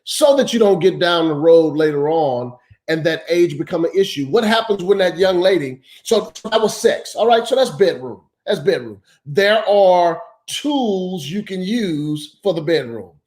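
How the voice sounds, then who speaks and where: A man's voice: sits high, expressive, unhurried, few pauses, darkish tone. A man hosting a casual morning show, asking questions in an earnest way. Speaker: host. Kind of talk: casual chat.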